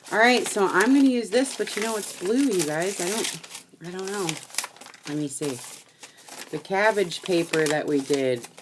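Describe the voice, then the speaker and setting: A woman with a low voice talks casually to her viewers while crafting, blunt and quick to laugh. A faint hiss sits under the recording. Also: rough recording. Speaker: live stream crafting host.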